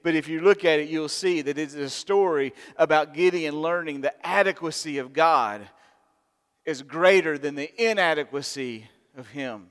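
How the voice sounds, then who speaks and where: A middle-aged man preaching a sermon, swinging from loud, emphatic lines to soft, intimate asides. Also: on the high side, normal speed. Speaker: pastor. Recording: long hall reverb.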